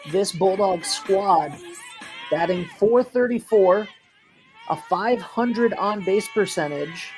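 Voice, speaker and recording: Chatty high-voiced male sports announcer. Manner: chatty, jokey, bursts loud on big plays. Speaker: play-by-play announcer. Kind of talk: live sports commentary with sponsor reads.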